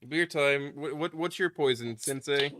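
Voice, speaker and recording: A man's voice: a little high, measured pace, fairly bright tone, a little hiss or hum. A man streaming a story game, chatting casually with profane jokes and stammering restarts while reading the game's text aloud.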